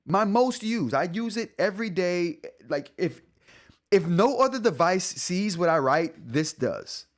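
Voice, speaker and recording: A man's voice: high-pitched, animated, unhurried. A man in his forties hosting a live tech stream, talking casually, rambling and correcting himself, often laughing. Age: 40s. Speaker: tech show host.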